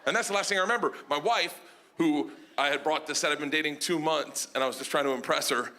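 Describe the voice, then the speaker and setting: Man, stand-up comic, high voice, loud and animated, shouty punchlines, live club mic, audience noise clear behind. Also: fast. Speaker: stand-up comedian. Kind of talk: stand-up storytelling. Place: comedy club stage before a laughing audience.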